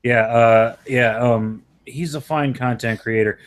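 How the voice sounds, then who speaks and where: A man's voice: mid-range voice, fairly even intonation, measured pace. A man hosting a livestream, chatting casually and telling loose, profane stories. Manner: loose, profane storytelling with frequent laughs. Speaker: streamer hosting a live chat.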